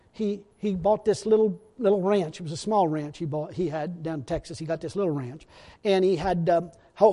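A man's voice: a little high, warm tone. A man preaching a storytelling sermon in a folksy, rambling way, often laughing at his own stories. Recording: long reverb in a hall.

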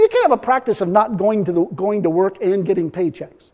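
A man's voice: high-pitched, fairly quick, hardly any pauses, a little mellow, long reverb tail. A man preaching a sermon as pastor, emphatic and folksy, often chuckling as he talks.

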